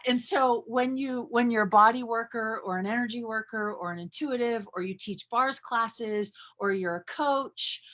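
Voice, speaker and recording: A woman in her thirties talking casually and with bubbly energy as a workshop leader, with lots of fillers. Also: medium pitch. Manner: bubbly, animated, frequent fillers. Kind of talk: casual live-stream talk.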